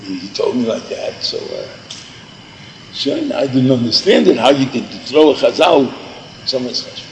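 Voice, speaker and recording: Gravelly older man telling a rambling story. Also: mid-range voice, animated, moderate pace, a little hiss or hum, poor audio. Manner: meandering, repeats himself, mixes in Yiddish and Hebrew words. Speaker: storyteller recalling yeshiva days.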